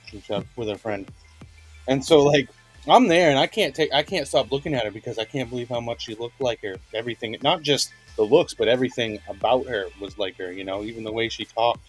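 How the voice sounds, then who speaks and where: Husky, profane storytelling man. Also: medium pitch, a little fast, soft background music. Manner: profane, laid-back storyteller. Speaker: podcast guest. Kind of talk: casual storytelling chat.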